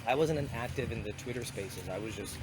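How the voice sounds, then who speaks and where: A man's voice: medium pitch, brisk. Man, head cold, casual walking vlog, rambling, outdoor traffic noise. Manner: rambling, conversational, self-correcting. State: has a cold. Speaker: vlogger and community founder. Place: outdoors walking through town to a river. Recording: clear outdoor street noise.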